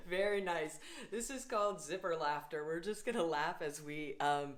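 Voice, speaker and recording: A woman's voice: fairly low pitch, moderate pace, background noise. A woman leading a laughter yoga class, upbeat and encouraging, breaking into laughter between her instructions. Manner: upbeat, encouraging, coaxing the viewer along. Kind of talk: guided laughter exercise class.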